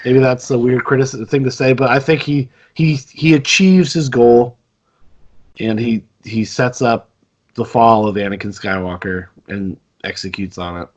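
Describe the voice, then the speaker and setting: A man co-hosting a casual movie podcast, talking in a measured, hedging, analytical way. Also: mid-range voice. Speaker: podcast co-host. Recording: dull lo-fi mic.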